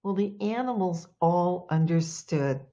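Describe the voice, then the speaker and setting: A woman telling a folktale with slow, dramatic pauses. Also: fairly low pitch, lively intonation, warm tone, highs cut off. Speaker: storyteller. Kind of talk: folktale storytelling.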